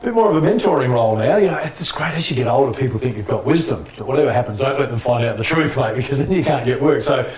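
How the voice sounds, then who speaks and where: Guest spot: fast-talking middle-aged Australian man spinning animated sports yarns, voice slightly distant in an echoey room. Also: medium pitch. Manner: animated anecdotes, laughs often. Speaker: former basketball player, guest. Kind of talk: casual storytelling interview.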